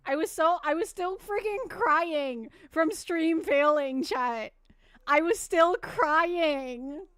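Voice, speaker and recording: A woman streamer chatting casually with viewers, rambling and restarting her sentences, and softening into baby talk with her pet. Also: extremely high pitch, slow pace, no echo, studio quality.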